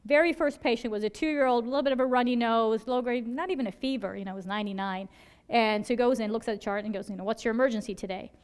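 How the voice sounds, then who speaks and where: A woman physician lecturing at a rapid clip, her voice pitched a little high and coming across smooth and clear. She keeps it conversational, acting out little scenes from the emergency room and tagging her points with a quick "right?". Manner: animated storytelling with quoted dialogue. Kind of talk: conference lecture.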